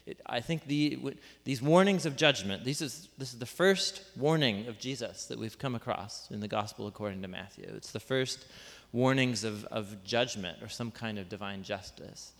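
In a mid-range, fairly bright voice, a man delivers a sermon as pastor before a live congregation. He talks conversationally, full of asides, rhetorical questions and jokes at his own expense. A large hall's long reverb surrounds the sound.

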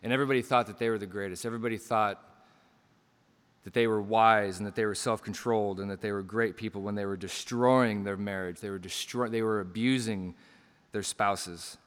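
A man preaching a sermon with passion, surging to loud emphasis and dropping to quiet lines, acting out quoted voices as he tells stories. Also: lowish voice, fairly even intonation, a little fast, clear, resonant tone, big-room sound. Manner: impassioned, swings between loud emphasis and quiet drops; acts out quoted lines in storytelling asides.

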